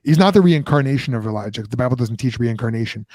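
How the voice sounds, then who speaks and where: A man, a podcast host and former pastor, retelling a Bible story in casual talk, animated, with restarts and asides. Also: mid-range voice, quick pace, no echo.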